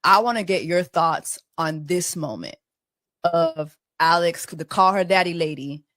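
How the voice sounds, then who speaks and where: A woman co-host telling stories in a sassy, expressive way during a casual chat. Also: lowish voice, measured pace, no echo, studio quality.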